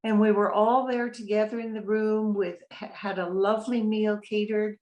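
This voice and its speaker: A woman's voice: mid-range voice, level tone, normal speed, rough recording. Middle-aged woman, interview testimonial, heartfelt and chatty, mid-range voice. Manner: warm, heartfelt storytelling with fillers and restarts. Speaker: family member of a resident.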